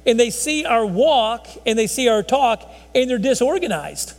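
A man's voice: very high voice, expressive, normal speed, few pauses. A man preaching a conversational sermon in a folksy, rambling way, often restarting his sentences. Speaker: pastor. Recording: long hall reverb.

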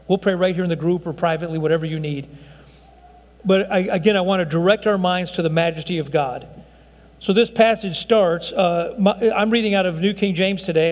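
High-voiced man in his sixties preaching. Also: darkish tone, big-room sound. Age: 60s. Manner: folksy, repeats "folks, I'm telling you". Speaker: pastor. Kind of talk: sermon.

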